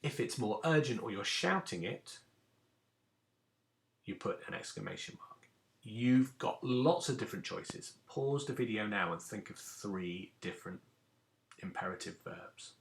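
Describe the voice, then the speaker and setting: A man's voice: on the low side, lively intonation, unhurried, gravelly, a little hiss or hum. A man, a teacher giving a recorded lesson to children and explaining each step patiently. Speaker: primary school teacher.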